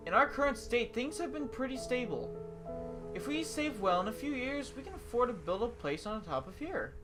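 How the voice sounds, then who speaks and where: A man reading the lines of a gentle young woman in a video game, softly and wistfully. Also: very high voice, big pitch swings, a little fast, over music. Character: gentle young woman dreaming of a lighthouse home.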